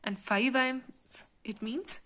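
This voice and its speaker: A woman gives a poetry lesson in a slow, unhurried voice that sits a little high. She explains each point patiently, often pausing and filling gaps with "uh" and "so.". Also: steady tone, pushed and bright. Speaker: literature teacher. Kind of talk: classroom lecture.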